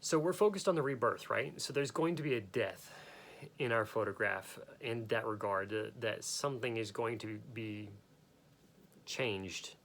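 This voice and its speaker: A man's voice: fairly low pitch, measured pace, a bit bright. Rambling man hosting a photography talk. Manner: rambling, with frequent restarts and self-corrections. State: has the hiccups. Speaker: photography podcast host. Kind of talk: casual unscripted talk.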